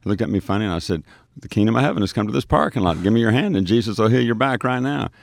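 A man with a deep, low voice tells a story of his street ministry, stumbling and restarting as he goes. He acts out the dialogue he recalls. The recording is dry and close. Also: racing, creaky, no echo. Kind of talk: telling a testimony on a radio show.

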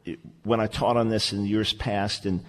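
A man hosting a radio talk show, speaking in an earnest, animated, conversational way. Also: on the low side, moderate pace, long reverb tail.

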